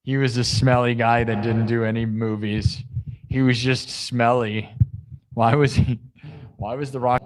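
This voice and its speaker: A man's voice: medium pitch, level tone, measured pace. A young man hosting a casual livestream, rambling and silly, laughing at his own jokes. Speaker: livestream host and improv musician.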